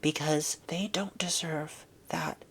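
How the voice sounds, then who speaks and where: Young woman, slightly low voice, blunt sarcastic vlog rant with whispered asides. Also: steady tone, takes it slowly, husky. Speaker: vlogger. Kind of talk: casual opinion rant.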